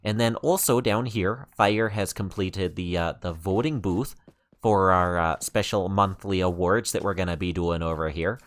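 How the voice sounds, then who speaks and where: A man's voice: sits low, moderate pace, lightly acted. A man voicing an exaggerated Canadian-accented gamer in let's-play commentary, rambling with many fillers. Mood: chatty. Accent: put-on Canadian.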